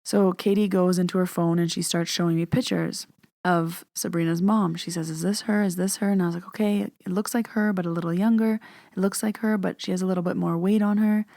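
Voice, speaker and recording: A woman's voice: lowish voice, steady tone, brisk, warm tone, no room sound, clean studio sound. A young woman casually telling a personal story in a chatty way, full of "like" fillers. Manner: chatty retelling, many "like" fillers. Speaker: podcast host and medium.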